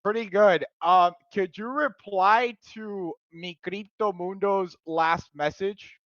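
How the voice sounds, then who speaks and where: A man hosting a casual live stream, excitable, laughing loudly and filling pauses with ums. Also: high-pitched, dry recording. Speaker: streamer host. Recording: dull lo-fi dry sound.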